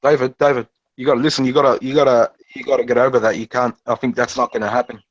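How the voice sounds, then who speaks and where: A man's voice: mid-range voice, level tone, quick pace, dry recording. A man in an online voice chat, bluntly calling someone out. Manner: blunt, calls people out. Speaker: chat room panelist. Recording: dull lo-fi voice chat audio.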